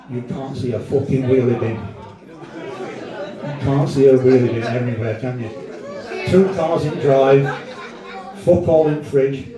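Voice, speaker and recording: A stand-up comedian with a Northern English accent and a mid-range voice works the crowd brashly, swearing often during a live set. It was recorded at a comedy venue in an echoey room with a distant mic, and the audience's laughter can be heard.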